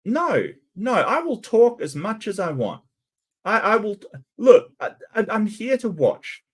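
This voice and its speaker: A man giving casual, sarcastic commentary over a video he is watching. He rambles and restarts often, and his pitch rises and falls in a lively way. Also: measured pace, husky. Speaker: reaction video host.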